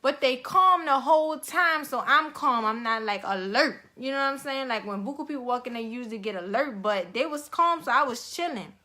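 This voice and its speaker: A young woman recounts her own story in a loose, slangy vlog style, full of fillers and asides. Her voice sits a bit high and sounds bright and forceful. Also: expressive, brisk, hardly any pauses. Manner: slangy, conversational, lots of fillers.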